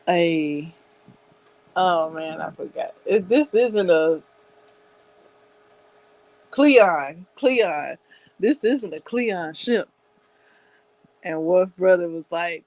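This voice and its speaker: A woman's voice: on the low side, very slow, pauses often, darkish tone, rough recording. A woman vlogger in casual chat, rambling and giggling, with many hesitant fillers.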